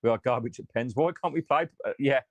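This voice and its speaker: A man's voice: mid-range voice, fast talker, dry recording, muffled recording. A man hosting a fan channel, reacting live after a match in a frustrated, sweary rant and reading out viewer comments.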